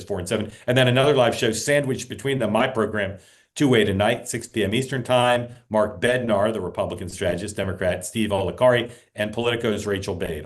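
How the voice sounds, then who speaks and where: A man hosting a political talk show. He chats casually, plugs the upcoming programs and often restarts his sentences. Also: deep voice.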